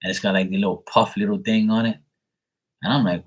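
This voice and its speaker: A man's voice: lowish voice, fairly even intonation, a little fast, low-quality recording. A man chatting casually on a live stream, rambling and swearing with lots of fillers. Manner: rambling, profane, with many fillers. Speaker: live stream tarot reader. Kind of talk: casual livestream chat.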